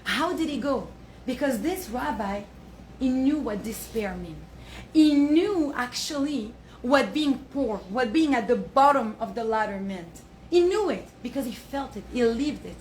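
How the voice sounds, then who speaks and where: Young woman, high voice, lively torah class, roomy echo. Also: a little slow, slight background noise. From south of France. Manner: animated storytelling, laughs often; mixes in Hebrew and Yiddish terms. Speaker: Torah teacher. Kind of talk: Torah class to a live audience. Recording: roomy echo, faint ambience.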